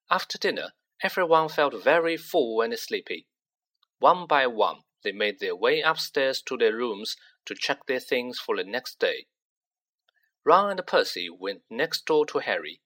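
Brief: animated audiobook narrator, bright voice, lively pitch, voices every character. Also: a little slow. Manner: expressive, acts out each character. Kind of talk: storybook reading.

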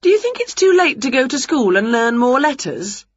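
An excitable, boastful storybook witch with a high, bouncing voice, as a woman reads her out. She chatters with a breathy edge, heard through a dull, dry lo-fi recording. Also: moderate pace, dry recording, heavily acted.

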